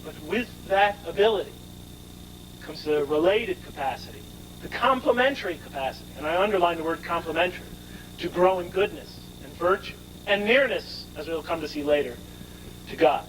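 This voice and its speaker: High-voiced man lecturing emphatically. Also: moderate pace, a little hiss or hum, rough recording. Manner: emphatic, explanatory, poses rhetorical questions. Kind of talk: scripture lecture.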